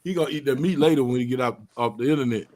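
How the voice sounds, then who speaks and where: A man hosting a live stream chat with a friend, teasing and joking in slang with sudden loud bursts. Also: mid-range voice, very fast. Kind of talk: casual banter on a live stream.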